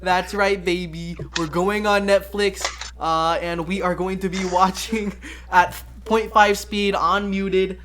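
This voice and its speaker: A man's voice: high voice, flat delivery, takes it slowly, few pauses, fairly bright tone, a little hiss or hum. A man casually reviewing a musical film with a friend late at night. He rambles, often giggling, swears freely, and retells scenes in quoted voices. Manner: full of fillers and profanity. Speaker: movie reviewer.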